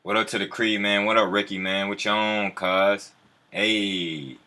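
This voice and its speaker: A man's voice: on the low side, fairly even intonation, a little slow, bright, forceful tone. A man chatting loosely with viewers on a livestream, full of profane slang and answering their comments as they come in. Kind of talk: casual livestream chat.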